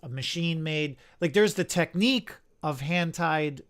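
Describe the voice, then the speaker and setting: Male co-host, a little higher-pitched, calm and clarifying. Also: normal speed. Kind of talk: casual conversational chat.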